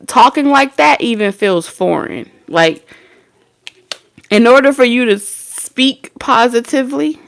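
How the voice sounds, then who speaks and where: A woman's voice: a little high, animated, normal speed, creaky. A young woman giving a casual tarot reading, blunt and swearing freely as she acts out imagined back-and-forth dialogue. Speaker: tarot reader.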